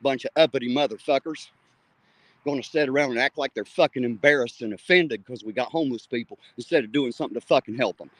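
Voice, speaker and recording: A man's voice: medium pitch, fast, no room sound. Angry cursing man on a livestream. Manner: loud, cursing, indignant. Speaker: livestream host. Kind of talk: angry profane livestream rant.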